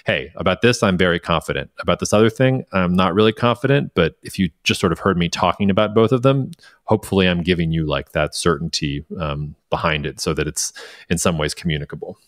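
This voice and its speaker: A man's voice: low voice, brisk, dry recording, studio quality. A man co-hosting a casual podcast, hedging and thinking aloud with frequent restarts. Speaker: podcast co-host.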